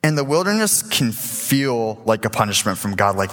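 A man's voice: fairly low pitch, normal speed, faint music behind. Eighteen-year-old man preaching in a reverberant hall. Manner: casual, animated storytelling, acting out voices. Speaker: youth preacher. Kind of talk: sermon. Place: church sanctuary.

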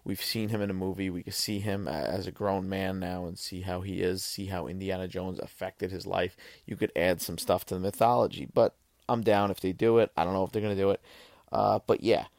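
Man, low gravelly voice, casual film-review podcast, swears a lot, rambles, dry close sound. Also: steady tone, fairly quick, darkish tone, dry recording. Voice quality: swears freely, rambling with restarts. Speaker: podcast host.

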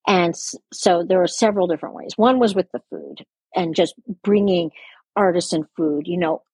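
A woman's voice: lowish voice, lively intonation, normal speed, darkish tone, slightly rough, no echo. An older woman from Canada with a light Canadian accent, a guest reflecting at length in an interview, rambling and correcting herself with small laughs.

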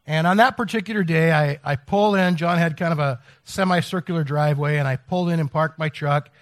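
A middle-aged pastor preaches a sermon in a fairly high, fairly quick voice. He tells a story full of restarts and repeated words, rambling and cutting himself off as he goes.

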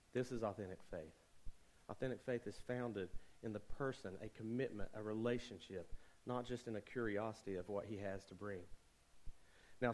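A man's voice: mid-range voice, poor audio. Conversational young male preacher. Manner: conversational preaching, rising emphasis, joking asides. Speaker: pastor. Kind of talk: sermon.

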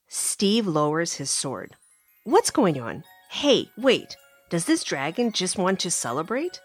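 A woman hosting a children's story podcast, reading a rhyming picture book aloud in an animated, expressive way. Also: lowish voice, slow, breathy edge, faint music behind. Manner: animated, expressive, warm-hearted.

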